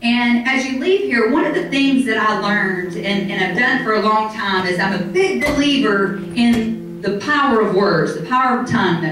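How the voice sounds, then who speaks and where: A middle-aged woman giving an animated motivational talk to a live audience in a hotel conference room, acting out other people's reactions. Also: a little high, normal speed, hardly any pauses, slight background noise. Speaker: motivational speaker. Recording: very echoey hall from far off.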